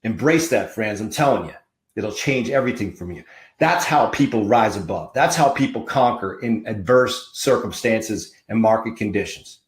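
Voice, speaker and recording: A man's voice: on the low side, lively intonation, normal speed, reverberant. A man hosting a podcast as a marketing coach, giving a fiery, preachy motivational talk full of punchy repeated slogans.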